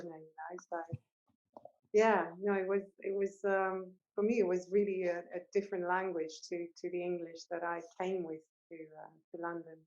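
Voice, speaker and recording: A woman's voice: on the low side, a little mellow, highs cut off. A woman from the Netherlands with a Dutch accent, speaking English as a second language as an audience member, hesitant and restarting often. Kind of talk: casual panel discussion.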